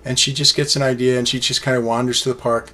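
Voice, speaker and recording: A man's voice: medium pitch, level tone, fast, pushed and bright. A man casually reviewing an album on his own, rambling enthusiastically with many fillers and restarts. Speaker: music reviewer.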